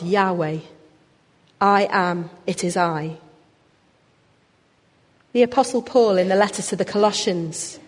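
A woman preaches a sermon in a church with a long, ringing reverb. Her voice sits at an ordinary middle pitch. She speaks expressively and lifts her emphasis on the words that matter.

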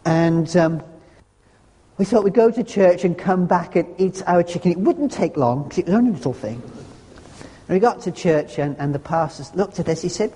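A man's voice: sits high, animated, normal speed, warm tone, breathy edge. A man preaching a sermon, earnest and conversational, with homely humorous asides. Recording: long hall reverb.

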